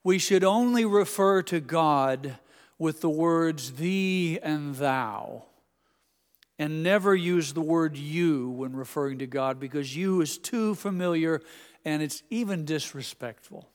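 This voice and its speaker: Male preacher, sermon, storytelling with gentle humor, smooth resonant voice, long church reverb. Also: fairly high pitch, measured pace. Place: church sanctuary.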